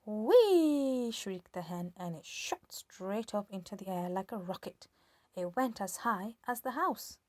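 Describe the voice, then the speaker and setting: A woman reading a children's story aloud with lively, expressive storytelling. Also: mid-range voice, a little slow, no echo. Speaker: storybook reader.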